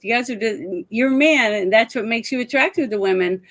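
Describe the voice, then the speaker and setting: A podcast co-host on a casual talk show retells film scenes with lots of laughter as they chat about a film. Her voice is fairly high, a little fast and a bit bright.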